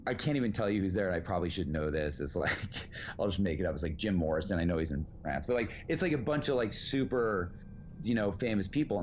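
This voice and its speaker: A man telling a long anecdote in a relaxed, casual way, rambling with many fillers and the odd swear word. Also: fairly low pitch, a little hiss or hum. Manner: rambling, lots of "like" and "you know", swears freely. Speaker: actor guest. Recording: dull lo-fi sound.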